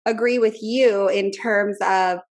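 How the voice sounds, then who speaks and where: A woman's voice: mid-range voice, fairly even intonation, slow, a little mellow. A woman in her thirties co-hosting a podcast, speaking frankly and emphatically, swearing casually. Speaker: podcast co-host. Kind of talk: casual chat.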